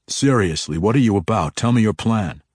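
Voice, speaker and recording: Guy reading as a steady elf swordmaster, low and firm, dry sound. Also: normal speed, husky, no room sound. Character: steady, stubborn male elf weapon master.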